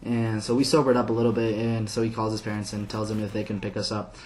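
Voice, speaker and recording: A man's voice: lowish voice, level tone, fast, darkish tone. A man commentating a game while telling a long, rambling story full of "like" fillers, sometimes laughing at his own tale. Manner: rambling, filler-heavy with constant "like". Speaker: gameplay commentator. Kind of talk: casual storytelling over gameplay.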